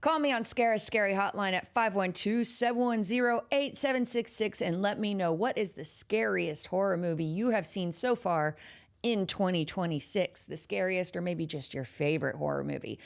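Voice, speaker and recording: A woman's voice: medium pitch, normal speed, creaky. A woman with a Texas accent hosting a horror podcast in casual, playful live chat that teases her audience. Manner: chatty and playful, teasing the audience.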